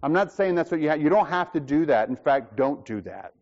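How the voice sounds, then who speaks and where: A man's voice: a little high, animated, fairly quick, a little mellow, muffled recording. A male pastor preaching a sermon emphatically, asking rhetorical questions and acting out little conversations.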